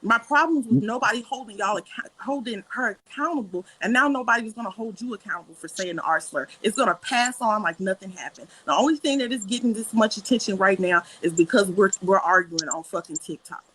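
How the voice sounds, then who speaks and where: A woman's voice: mid-range voice, fairly quick, bright, forceful tone, breathy edge, poor audio. A woman in a heated argument on a live stream, confrontational and interrupting, repeating her points to press them. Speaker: TikTok live debater.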